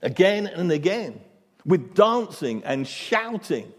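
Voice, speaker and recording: A man's voice: a little high, big pitch swings, moderate pace, long reverb tail. A male pastor preaching a sermon with dramatic storytelling and dry humor, in a church.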